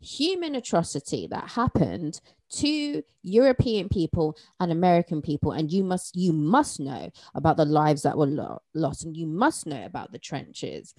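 Low mellow woman, podcast co-host, emphatic with wide pitch swings, dry mic. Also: very animated, normal speed, no echo. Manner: emphatic, rising to forceful peaks. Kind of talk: casual chat.

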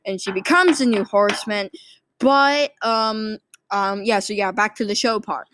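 A woman's voice: mid-range voice, a little slow, background noise. A sleepy woman casually rambling through a movie plot summary, full of fillers and restarts. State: sleepy, yawning. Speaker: movie recap vlogger.

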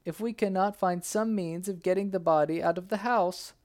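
A man's voice: high voice, fairly even intonation, normal speed, a little mellow, pitched above the performer's own voice, natural voice. A man voicing a frantic young male doctor who wails in panic. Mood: panicked. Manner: wailing, panicky.

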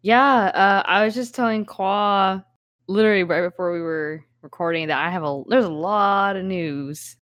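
A woman's voice: mid-range voice, no room sound, lo-fi sound. Bubbly, teasing woman podcast host. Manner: bubbly, quick to laugh, teasing. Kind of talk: casual podcast chat.

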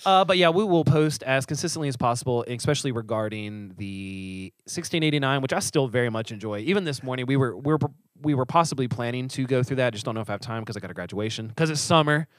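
A man's voice: medium pitch, lively intonation, no room sound. A man co-hosting a church podcast as a pastor, in casual joking chat, breathing a little hard from allergies. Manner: joking, quick-talking. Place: small studio up steep stairs. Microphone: studio mic on a stand.

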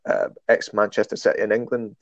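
A Scottish man chatting casually on a podcast, telling stories with a self-deprecating, animated manner. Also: lowish voice, brisk, gravelly, no room sound, lo-fi sound. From Scotland. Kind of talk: casual chat.

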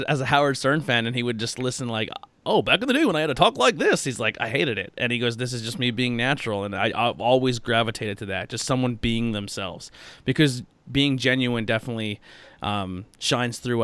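Young guy hosting a podcast, smooth clear voice, dry close sound, stumbles and repeats himself a lot. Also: mid-range voice, brisk, fairly bright tone, dry recording. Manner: rambling, repeats words, frequent fillers. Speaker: podcast host. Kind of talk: casual conversational interview.

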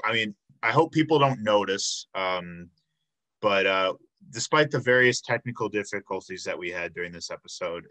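A man hosts a relaxed interview show and asks his questions with frequent "um"s and "uh"s. His voice is somewhat low in pitch, with a bright, forward edge. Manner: friendly, filler-heavy questions. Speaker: podcast host. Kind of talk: casual interview hosting.

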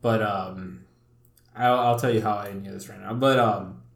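A man's voice: on the low side, steady tone, measured pace, creaky. A young man hosting a podcast, telling stories in a loose, profane way full of fillers. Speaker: podcast host. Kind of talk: casual chat. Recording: roomy echoey room.

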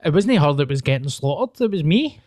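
A man's voice: a little high, big pitch swings, fairly quick, darkish tone, no echo, studio quality. A young Scottish man telling stories with swearing and laughter in casual podcast chat. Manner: storytelling, swearing, laughing often.

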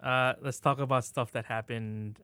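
A man co-hosting a podcast in casual chat, relaxed and laughing often between remarks. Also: mid-range voice, moderate pace, clean tone, dry recording. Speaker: podcast co-host.

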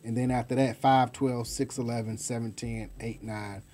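A man co-hosting a casual sports talk show, rattling off team lists and trailing off quietly at line ends. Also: medium pitch, steady tone, moderate pace.

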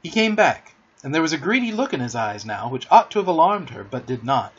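A man narrates a children's classic with lively, animated swings in his voice. His tone is fairly high and husky. The recording sounds muffled and lo-fi. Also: a little fast. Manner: expressive, theatrical. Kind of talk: storybook narration. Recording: dull lo-fi audiobook recording.

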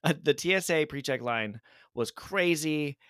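A man's voice: on the high side, lively intonation, unhurried, a bit bright, smooth, dry recording, clean studio sound. A man co-hosting a podcast in casual chat. He tells long, rambling stories, makes jokes and pokes fun at himself. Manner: rambling, joking storyteller; self-deprecating. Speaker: podcast co-host.

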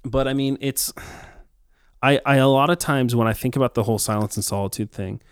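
A man co-hosting a casual faith discussion, talking reflectively with many pauses and ums. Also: medium pitch, clear, resonant tone, no echo, studio quality.

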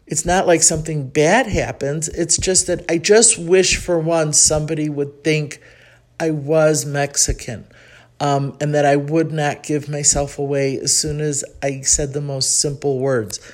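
A podcast host from Chicago, in the United States, speaks with a Chicago accent in a low, steady, unhurried voice. Her casual monologue is rambling and reflective, with frequent ums.

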